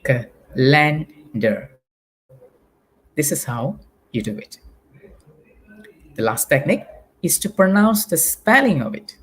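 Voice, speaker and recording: A man's voice: a little high, sing-song, unhurried, long pauses, fairly bright tone, husky. A Malaysian man teaching a live online English lesson, patiently drilling spelling and pronunciation for primary pupils.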